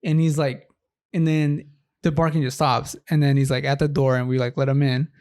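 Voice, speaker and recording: A man's voice: medium pitch, level tone, moderate pace, darkish tone. A young man co-hosting a podcast, telling a long story in casual chat, rambling with heavy swearing and fillers. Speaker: podcast co-host.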